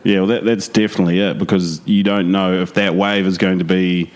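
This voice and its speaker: Man, low voice, relaxed rambling chat, lots of ums, podcast guest. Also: fairly quick. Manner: laid-back, rambling with many fillers. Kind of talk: casual chat. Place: home in Bali.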